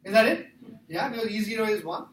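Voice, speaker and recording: Heard from far off in an echoey room with faint noise, a high-pitched man talks fast as he teaches math. He jokes with the class and quizzes students while solving problems in this classroom lecture.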